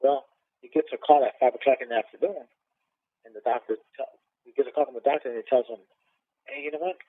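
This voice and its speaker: A middle-aged former boxer and cornerman tells a personal story in a casual interview, speaking quickly in a mid-range voice with fairly even intonation. His emotional, profane telling is full of swearing and restarts, often repeating "man." The sound is dry, tinny and phone-like, with no echo.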